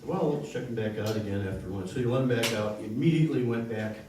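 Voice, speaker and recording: A man's voice: lowish voice, background noise. A man hosting a small concert series, telling a joke and making announcements with many ums and uhs. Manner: rambling, halting with many fillers. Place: small concert venue with an audience. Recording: roomy live room recording from far off with crowd.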